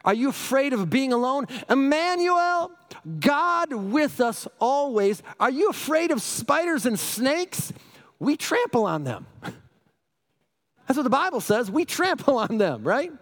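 A middle-aged male pastor preaching a sermon, energetic and often asking the congregation questions. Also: very high voice, a little slow.

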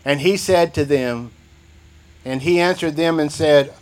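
A man's voice: on the high side, a little slow. A man preaching a sermon, reading scripture and repeating key phrases for emphasis. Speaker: pastor.

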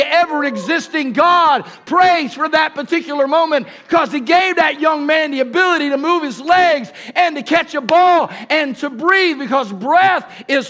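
High, bright-voiced older preacher. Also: male voice. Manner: call-and-response preaching, swings between shouts and hushed tones. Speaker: pastor. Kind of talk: sermon.

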